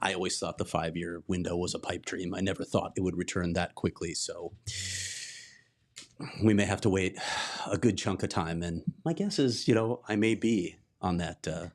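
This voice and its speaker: A man's voice: low-pitched, moderate pace, darkish tone. A man co-hosting a casual sports podcast, talking in a wry, blunt and exasperated way. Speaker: sports reporter and podcast co-host.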